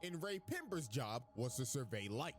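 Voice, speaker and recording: A man's voice: mid-range voice, sing-song, normal speed, soft background music. A man hosting a reaction channel, telling a crude, jokey comedic recap of an anime plot.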